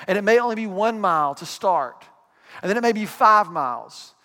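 A man with a high voice preaches in a loose, conversational way, dropping asides and acting out what people say. His voice rings with long reverb from a big hall. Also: lively intonation, bright, forceful tone. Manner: conversational preaching with asides and quick acted quotes. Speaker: pastor. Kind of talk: sermon.

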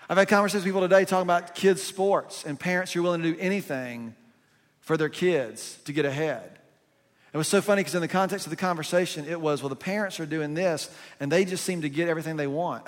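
A pastor with a voice on the high side, talking a little fast, delivers a sermon in a hall with lots of reverb. His preaching is animated and conversational, full of rhetorical questions.

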